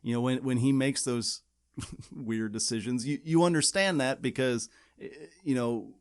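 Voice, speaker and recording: A man's voice: mid-range voice, unhurried, smooth. A man co-hosting a podcast, chatting casually and rambling with many restarts and fillers. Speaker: podcast co-host. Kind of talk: casual chat.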